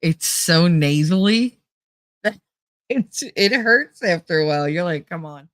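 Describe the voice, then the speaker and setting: Jersey lady rambling on her stream, kinda low voice, stuffy nose, dry close mic, laughs a lot. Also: animated, takes it slowly, a bit bright, dry recording. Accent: New Jersey. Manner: laughs often, rambling and candid. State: stuffy nose, sounds nasal. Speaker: livestreamer. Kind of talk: casual chat.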